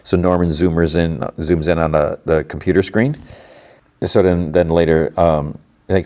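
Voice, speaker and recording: A man's voice: low voice, fairly even intonation, normal speed, dark tone. A man hosting a podcast, casually recapping a cartoon episode in a loose, rambling way. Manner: rambling, lots of "like" and restarts. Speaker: podcast host.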